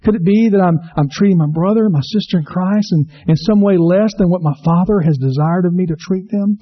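Male pastor, sermon, higher pitch, earnest, rhetorical questions, slightly dull recording. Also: a little fast.

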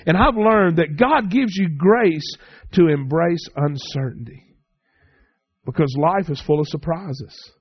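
A middle-aged man preaching a sermon, telling stories and acting out the dialogue with lively emphasis. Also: a little high, no room sound, dull audio. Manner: storytelling, animated, acts out dialogue. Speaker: pastor.

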